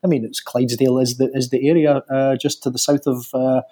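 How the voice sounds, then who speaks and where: Husky Scottish man, halting interview talk. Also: mid-range voice, flat delivery, mellow. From Scotland. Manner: hesitant, many fillers and restarts. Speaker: sculptor guest. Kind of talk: conversational interview.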